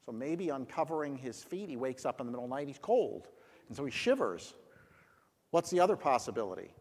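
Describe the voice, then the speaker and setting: A man leading a Bible study discussion, explaining a passage in an animated, storytelling way and acting out what the people said. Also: mid-range voice, a little fast. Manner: animated storytelling, acts out lines. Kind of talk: teaching discussion. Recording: long hall reverb.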